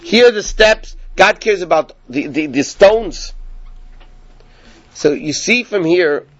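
Guy teaching a torah class, high voice, animated, dry muffled sound. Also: takes it slowly, no room sound. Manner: animated, rhetorical questions.

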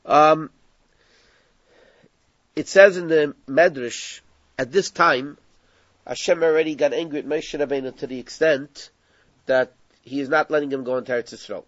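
In a dull lo-fi recording with no echo, a Torah teacher leads a text study class, working through the passage step by step and weaving in Hebrew terms. His voice is on the high side and fairly bright, moving at a normal speed with long pauses.

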